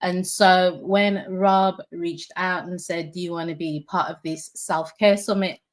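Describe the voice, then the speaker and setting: A woman's voice: lowish voice, fairly even intonation, unhurried. A woman with a British accent, a facilitator speaking as a guest at an online summit. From England. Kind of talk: casual talk.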